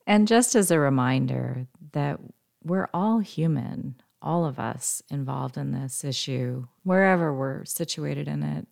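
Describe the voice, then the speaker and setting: A woman hosting a podcast who talks reflectively in casual conversation and thinks out loud. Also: low-pitched, lively intonation, measured pace, vocal fry, no echo, clean studio sound. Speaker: podcast host.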